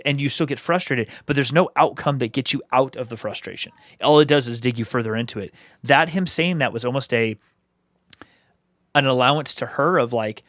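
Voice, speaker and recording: A man's voice: mid-range voice, a bit bright, no room sound. Male podcast co-host, thoughtful and reflective, dry close recording. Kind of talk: casual review chat.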